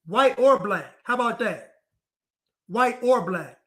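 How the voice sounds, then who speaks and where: A man's voice: extremely high pitch, lively intonation, takes it slowly, a bit bright. A man delivering a defiant ranting monologue to camera, repeating his phrases over and over.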